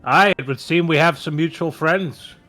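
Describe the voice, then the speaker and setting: Blunt folksy adventurer played by a man, mid-pitched voice, faint music under it. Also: level tone, takes it slowly, fairly bright tone, dry recording. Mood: knowing. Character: gruff older male adventurer calling others lad.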